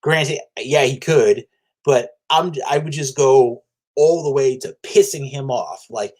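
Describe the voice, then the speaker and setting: A man's voice: medium pitch, measured pace. A man hosting a casual comic book review vlog, rambling and restarting often, trash-talking with crude language and laughing at his own jokes. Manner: animated, profane trash talk with laughter; rambling with frequent restarts and fillers. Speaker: comic book video host.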